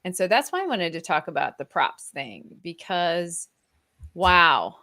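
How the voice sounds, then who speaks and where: A woman with a Midwestern accent co-hosting a casual podcast, talking in a slow, meandering way and laughing often. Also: fairly low pitch, very animated, bright, forceful tone. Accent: Kansas City, Midwestern US. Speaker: podcast co-host. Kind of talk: casual chat.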